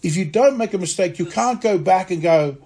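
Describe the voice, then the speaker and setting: Husky man telling stories. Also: sits high, fairly quick. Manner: lively, acts out quoted voices. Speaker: actor and acting teacher. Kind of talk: conversational storytelling interview.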